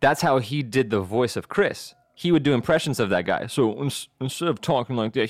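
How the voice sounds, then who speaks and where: Lively young man explaining voices. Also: medium pitch, a little fast, few pauses, dry recording, clean studio sound. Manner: explaining, animated, chatty. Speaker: voice impressionist. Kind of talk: casual chat.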